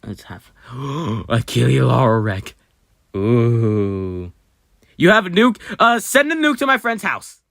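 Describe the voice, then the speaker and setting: A channel host giving casual commentary at a desk microphone while browsing, often mumbling half-words and fillers under the breath, then breaking into sudden loud excited outbursts. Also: medium pitch, slow pace, creaky, no echo, clean studio sound. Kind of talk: casual screen-recorded commentary.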